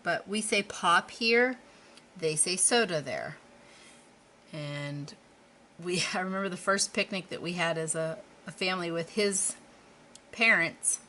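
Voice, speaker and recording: A middle-aged woman talks in a low register. Her talk is chatty and rambling, with self-deprecating asides as she paints. A faint noise floor sits under her voice. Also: sharp tone. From Western Pennsylvania. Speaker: craft vlogger. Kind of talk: casual chat while painting.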